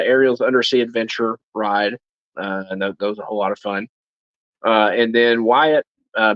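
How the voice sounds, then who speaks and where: A man's voice: mid-range voice, no room sound. A man co-hosting a casual live stream from home. He talks in a mid-range voice, wandering through his thoughts with constant ums and restarts. The sound is dry and a little dull. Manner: rambling, many fillers and restarts. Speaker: channel co-host.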